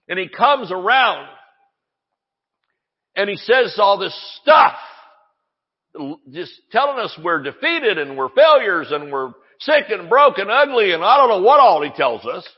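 Man preaching, excitable and loud at peaks, higher voice, dull recording with a long echo in a church hall. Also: husky. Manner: excitable, shouts at peaks, jokes and laughs with the congregation. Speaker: pastor. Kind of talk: sermon.

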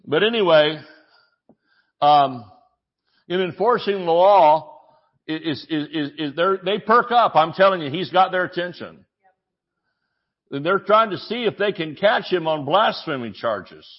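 A male pastor delivering a sermon in a loose, chatty way, stumbling over restarts and breaking into jokes. His voice sits a little higher than most men's, and the recording sounds dull and muffled. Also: expressive, a little slow, long pauses. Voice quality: conversational, joking, many restarts.

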